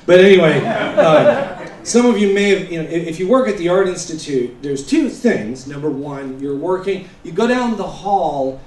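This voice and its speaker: Brief: male stand-up comic, loose rambling storyteller who bursts into shouted bits, echoey live-venue sound. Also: on the high side, lively intonation, moderate pace. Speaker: stand-up comedian. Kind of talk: stand-up comedy set. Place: comedy stage before a laughing audience. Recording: roomy live venue, mic heard from a distance.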